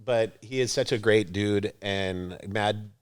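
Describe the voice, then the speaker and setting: A man's voice: on the low side, slow pace, clear, resonant tone. A man hosting a podcast in casual chat. He tells stories with lots of laughter and acts out the other people's lines. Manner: animated storyteller, acts out quotes, laughs often. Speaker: podcast host.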